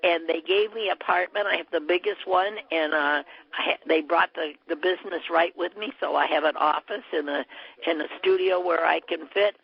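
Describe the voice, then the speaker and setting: A woman's voice: on the low side, steady tone, normal speed, gravelly, breathy edge. An older woman, a bra business distributor, telling a long chatty story on a call, with many fillers. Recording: muffled telephone line.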